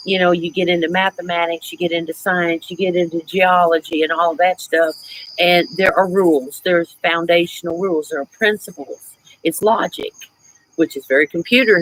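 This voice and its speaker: A woman's voice: fairly low pitch, slight background noise, poor audio. Chatty woman hosting a livestream. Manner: chatty, reflective, laughs often, greets viewers warmly. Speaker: livestream host. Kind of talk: casual live chat.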